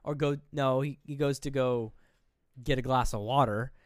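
A young man recapping a horror film for his podcast co-host, telling it scene by scene. He slips into the characters' lines as he goes, in an easygoing, chatty way. His voice is smooth and clear, recorded close and dry. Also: mid-range voice, moderate pace, dry recording. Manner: animated retelling, acting out characters' lines. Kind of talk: casual movie recap chat.

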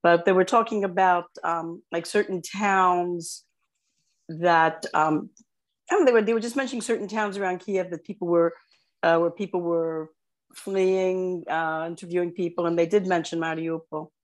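Mom cohost on a family podcast, chatty, rambles all over and drifts off topic. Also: female voice, fairly low pitch, fairly even intonation, normal speed. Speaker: co-host, mother. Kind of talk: casual family podcast chat.

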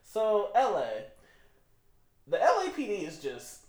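Animated, swearing podcast co-host. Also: medium pitch, measured pace, roomy sound. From Michigan. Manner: profane, opinionated, animated. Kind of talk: casual chat.

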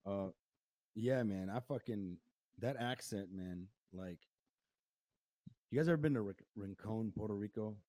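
A man hosting a casual chat, telling a story with lots of swearing and quick impressions of people he met. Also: on the low side, no echo. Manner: profane, animated storytelling with impressions. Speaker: podcast host.

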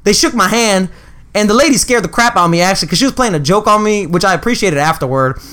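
A young man spins a rambling anecdote in relaxed conversation. He laughs easily and keeps slipping into short impressions of the people he met. His delivery stays casual and unhurried. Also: sits high. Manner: laughs often, mimics people in quotes. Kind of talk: casual storytelling.

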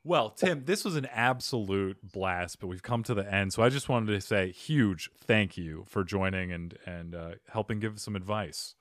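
A playful podcast host talks in a lowish voice, hopping between thanks and goofy bits. The sound is close and dry, with no room around it. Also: male voice, normal speed, few pauses, a bit bright, dry recording. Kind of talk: casual podcast chat and outro.

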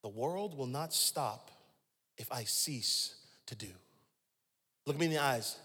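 A man in his forties preaching a sermon, swinging from hushed lines to shouts and calling out to the congregation. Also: medium pitch, expressive, measured pace, in a large hall. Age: 40s. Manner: dramatic swings from hushed to shouting, call-and-response with the crowd. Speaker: pastor.

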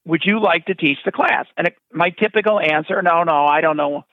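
A man's voice: on the high side, fairly quick, no room sound. An older man, a film director, telling a story in an interview and acting out the other people's voices as he goes. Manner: animated, acts out voices in his anecdotes. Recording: tinny phone-like dry sound.

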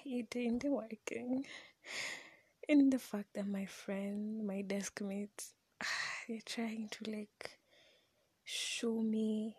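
A woman's voice: medium pitch, fairly even intonation, slow, darkish tone, breathy edge, no room sound. A young woman with a Kenyan accent telling a personal story in a mostly whispered voice, mixing English with Swahili slang.

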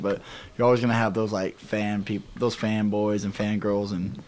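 A man's voice: fairly low pitch, level tone, fairly quick, darkish tone, a little hiss or hum. Rambling man, casual chat. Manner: rambling, heavy use of "like", acts out quotes. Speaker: band member, guest.

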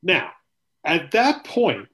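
A man's voice: fairly high pitch, huge pitch swings, extremely slow, bright, forceful tone. A man hosting a casual sports podcast, rambling and swearing, with a lot of "you know" filler. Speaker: podcast host.

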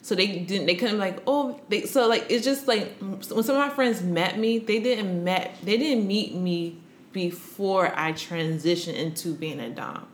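A woman telling a personal story in casual chat, animated, with many fillers, often acting out what others said. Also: medium pitch, measured pace, echoey room, a little hiss or hum. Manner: animated, acts out quoted voices, many fillers. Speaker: interview guest.

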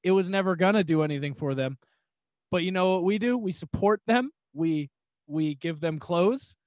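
A man's voice: high-pitched, normal speed, a little mellow, dry recording, clean studio sound. A man from New Hampshire chatting as a podcast guest, rambling and laughing often between phrases. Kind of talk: casual podcast chat.

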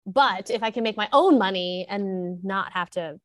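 A woman in her thirties chatting casually as a podcast co-host, animated and giggly, often trailing off mid-sentence. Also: mid-range voice, normal speed, dry recording. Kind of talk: casual chat.

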